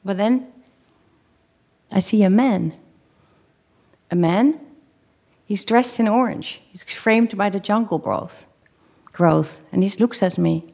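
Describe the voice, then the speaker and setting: A woman telling a true first-person story to a live audience, halting at times, repeating and restarting phrases, and acting out her own pleas. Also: medium pitch, vocal fry, darkish tone.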